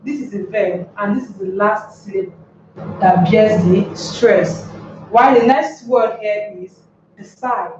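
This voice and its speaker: Slow, deliberate woman teaching in an echoey room. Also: medium pitch. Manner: slow, deliberate, asks the class rhetorical questions. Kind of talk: classroom grammar lesson. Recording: echoey room, distant mic, dull lo-fi sound with faint noise.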